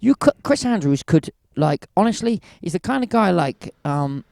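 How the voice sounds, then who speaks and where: A man's voice: high voice, very animated, moderate pace, gravelly, darkish tone, no echo. A man talking as a guest in a casual interview, rambling and enthusiastic, full of restarts. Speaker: wrestling promoter, guest.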